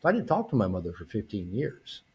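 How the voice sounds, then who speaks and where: Male guest expert, husky tone, very expressive pitch, conversational, lots of restarts. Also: fast. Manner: animated, acts out quoted dialogue, frequent restarts. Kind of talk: conversational interview.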